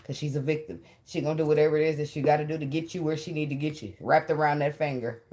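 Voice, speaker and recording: A woman's voice: deep voice, fairly even intonation, quick pace, a little mellow, a little hiss or hum. A woman giving a casual tarot reading, blunt and profane, laughing often as she talks. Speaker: tarot reader.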